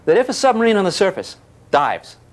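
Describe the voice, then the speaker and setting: A man's voice: sits high, huge pitch swings, fairly quick. An older man giving a physics lecture to a class, teasing and questioning his students as he explains. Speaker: physics teacher.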